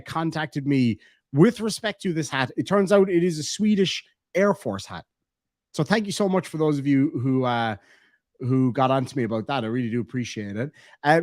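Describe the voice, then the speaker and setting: A young Irish man with a fairly high voice, chatting loosely through a live stream. He reads viewer comments aloud, swears freely, and keeps things informal. The sound is dry and close, with almost no room around it. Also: no echo. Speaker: streamer reading live chat. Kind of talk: casual live-stream chat.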